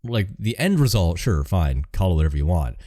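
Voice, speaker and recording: Man, podcast co-host, blunt and sardonic, very deep dark voice, lively pitch. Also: brisk, no echo, clean studio sound. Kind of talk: casual chat.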